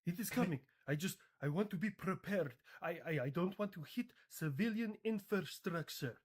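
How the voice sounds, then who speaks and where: A boastful foreign strongman who makes threats in halting, stilted sentences, the accent heavy and deliberate, as a man puts him on. His voice sits fairly high for a man. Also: lively intonation, husky. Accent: put-on foreign accent. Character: boastful male leader of Iran.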